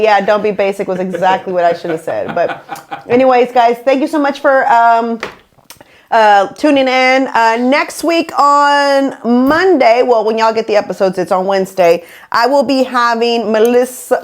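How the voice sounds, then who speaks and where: A woman's voice: on the high side, moderate pace. Woman podcast host, casual storyteller who keeps slipping into voices. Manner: animated, acts out quoted people.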